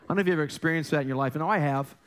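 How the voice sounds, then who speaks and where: A middle-aged pastor preaches a relaxed sermon from the church sanctuary, his voice slightly high, very fast, smooth and fairly bright. His storytelling is chatty and self-mocking, full of jokes, restarts and rhetorical questions aimed at the congregation.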